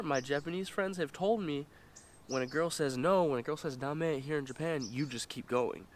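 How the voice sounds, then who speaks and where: A man's voice: on the high side, moderate pace, a little hiss or hum. A young man vlogger telling a story to his viewers in a casual, exasperated and profane way.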